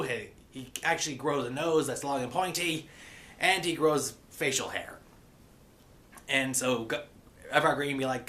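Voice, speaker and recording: A man's voice: medium pitch, lively intonation, a little slow, bright, forceful tone. A man giving a rambling, casual recap of a cartoon episode, with many fillers and the odd playful pirate growl.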